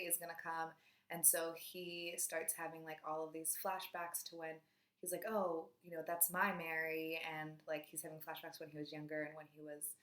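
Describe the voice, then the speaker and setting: A young woman casually chatting through her monthly book wrap-up, rambling with fillers and drifting into quiet asides. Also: fairly low pitch. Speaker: book vlogger. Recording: echoey room.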